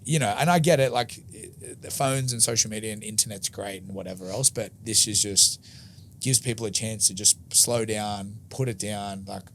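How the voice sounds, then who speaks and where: Australian man guesting on a podcast, lowish voice, casual rambling storyteller who acts out dialogue, faint background noise. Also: moderate pace, fairly bright tone. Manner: rambling, lots of filler "like", swears, acts out dialogue. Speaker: interview guest.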